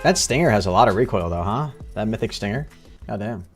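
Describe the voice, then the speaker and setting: A man's voice: on the low side, expressive, a little fast, faint music behind. A man streaming a game live, cracking crude jokes, laughing often and teasing his chat. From United States. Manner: joking, crude, laughs a lot, teases chat. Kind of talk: live gameplay commentary.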